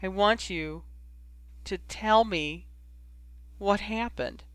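A man's voice: high voice, expressive, a little slow, a bit bright, no echo, exaggerated voice. A man voicing a determined young witch who pleads through tears. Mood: pleading.

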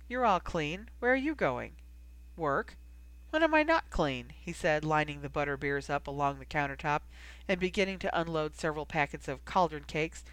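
An audiobook reader narrating a story in a steady storytelling manner. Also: medium pitch, no room sound, poor audio. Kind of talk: scripted narration.

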